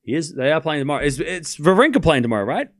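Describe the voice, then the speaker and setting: A fast-talking young Australian streamer, his voice on the high side, sing-song and fairly bright, hosts a live watchalong. Between rallies he calls points, answers chat and laughs a lot.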